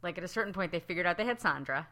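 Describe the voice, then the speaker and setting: A woman in her thirties co-hosting a casual podcast chat, animated and quick to act out what others said. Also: fairly low pitch. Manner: animated, acts out quotes in raised voices. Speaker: podcast co-host.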